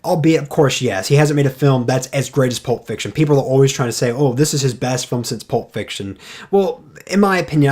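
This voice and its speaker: A man's voice: mid-range voice, darkish tone. A man giving a casual spoken film review, blunt and opinionated.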